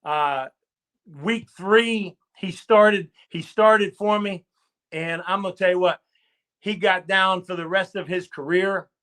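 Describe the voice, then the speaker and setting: Bright, high-voiced emphatic football coach. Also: male voice, slow pace, smooth. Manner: emphatic and repetitive, rallying with "okay?" and "I'm gonna tell you what". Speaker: football coach, interview guest. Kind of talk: animated storytelling in a live stream interview.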